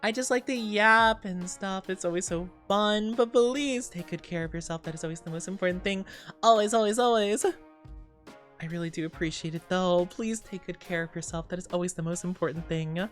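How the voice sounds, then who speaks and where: A woman's voice: lowish voice, normal speed, soft background music. A woman streamer chatting casually with her viewers in a gushing, bubbly way, full of cute slang and repeated well-wishes. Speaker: streamer reading chat. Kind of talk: casual livestream chat.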